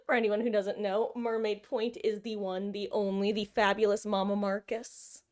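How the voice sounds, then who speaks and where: A woman's voice: mid-range voice, flat delivery, normal speed, darkish tone. Chatty woman streamer, casual. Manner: chatty, cooing baby talk to her cat. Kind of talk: casual live-stream chat.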